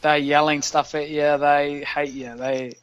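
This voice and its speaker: A man's voice: on the high side, level tone, unhurried, fairly bright tone, smooth, dull audio. A man with a New Zealand accent, a podcast guest telling stories in casual, slangy chat and laughing often. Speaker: guest, professional rugby player.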